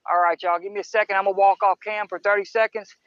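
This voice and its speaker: A man's voice: sits high, flat delivery, quick pace, dry recording, lo-fi sound. A man hosting a fishing livestream on a riverbank at night, rambling in a folksy way to his viewers. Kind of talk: casual live-stream chat. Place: outdoors on a riverbank by woods at night. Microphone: camera-mounted microphone near water.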